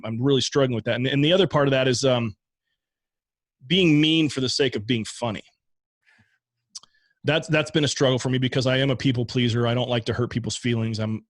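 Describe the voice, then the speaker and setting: A man's voice: mid-range voice, no room sound. A man talking candidly about learning stand-up comedy, rambling with restarts and casual swearing. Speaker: podcast guest, stand-up comic. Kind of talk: casual conversation.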